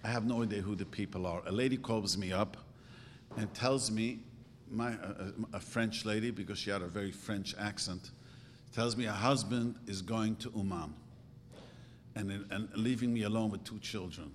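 A man's voice: fairly low pitch, normal speed, in a large hall, a little hiss or hum. A man giving an informal religious talk as a rabbi, earnest and emphatic, telling stories with sudden rising bursts.

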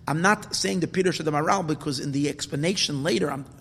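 A man's voice: on the high side, quick pace, vocal fry, fairly bright tone, slightly rough, long reverb tail. A man teaching a Talmud class, explaining step by step with repeats and restarts, building to emphatic bursts. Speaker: Torah teacher.

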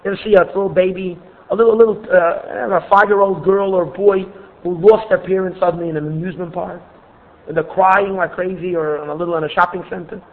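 An earnest man gives a Torah class, expressive and prone to restarting phrases. His voice sits fairly high. The recording is thin and tinny, like a phone line. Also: fast. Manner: earnest, expressive, repeats words when restarting. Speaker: Torah teacher.

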